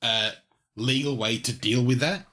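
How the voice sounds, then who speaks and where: A man's voice: medium pitch, steady tone, unhurried, bright, forceful tone. Rambling Australian man, casual podcast. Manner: rambling, lots of "like" fillers. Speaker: podcast co-host. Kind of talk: casual chat.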